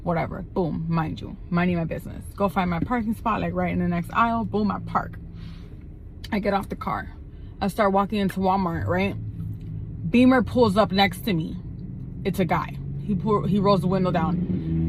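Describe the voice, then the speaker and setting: A woman telling a storytime from behind the wheel, loose and profane, full of slang. Her voice sits mid-range, and road noise rumbles clearly under it. She is recorded on a phone camera inside a moving car. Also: normal speed. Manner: animated, profane, street slang. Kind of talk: casual storytime while driving.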